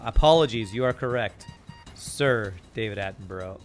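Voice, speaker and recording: A man of ordinary pitch talks through a live game stream in a loose, chatty way. He comments on each move and reads viewer messages aloud before answering them. Soft game music sits quietly behind his voice. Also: moderate pace.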